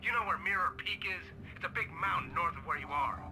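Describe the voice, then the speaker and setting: A man's voice: high-pitched, fairly quick, bright, forceful tone, full character voice. An actor playing a menacing male kidnapper who makes curt threats over a phone line. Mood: threatening.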